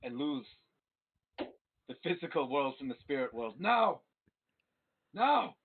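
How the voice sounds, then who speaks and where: A man voicing a stern old monk master who shouts commands at his trainees. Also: mid-range voice, unhurried, slight background noise, close to an everyday voice. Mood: commanding. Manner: barking commands. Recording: tinny phone-like stream audio.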